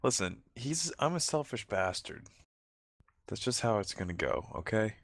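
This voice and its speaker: Joking man player, bright voice. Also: on the low side, big pitch swings, normal speed, vocal fry, dry recording, clean studio sound. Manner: joking, mock-drunk complaints. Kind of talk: casual tabletop play.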